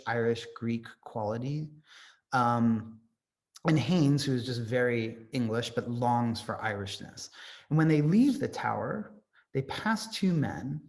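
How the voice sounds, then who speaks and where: Gravelly man giving a casual lecture. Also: mid-range voice. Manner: conversational and off the cuff, with frequent ums. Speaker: literature lecturer. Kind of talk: informal lecture.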